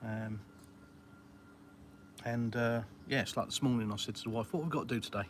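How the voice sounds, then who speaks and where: A man's voice: mid-range voice, brisk, slight background noise. Chatty Englishman streaming from his pool. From England. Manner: chatty and relaxed, British slang, many fillers. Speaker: vlogger answering viewers live. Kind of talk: casual live-stream chat. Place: outdoors by a home swimming pool.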